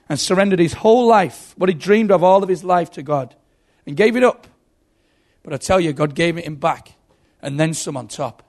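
A man preaching a sermon, telling stories with dramatic buildups. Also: a little high. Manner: animated storytelling, dramatic buildups.

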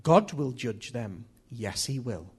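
A man's voice: medium pitch, expressive, slow, slightly rough. A man preaching a sermon in an earnest manner, often repeating key phrases.

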